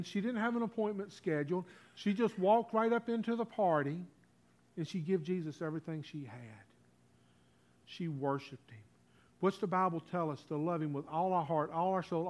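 A man preaching a communion sermon in a church. He talks in a folksy way, leads the congregation in call-and-response, and swings between loud and hushed. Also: high-pitched. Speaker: pastor.

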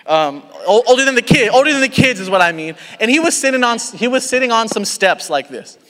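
A young man preaching a sermon as a youth pastor, telling stories in an animated way with many restarts and asides. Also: very high-pitched, a little fast, big-room sound.

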